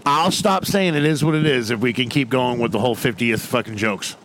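A man's voice: mid-range voice, fairly quick, a bit bright, slight background noise. A man co-hosting a podcast, swearing often and teasing his co-host in casual chat. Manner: profane, joking, teasing.

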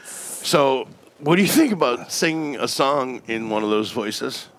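A young man chatting casually, excited, swearing and laughing. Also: medium pitch, measured pace, slight background noise. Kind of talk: casual chat.

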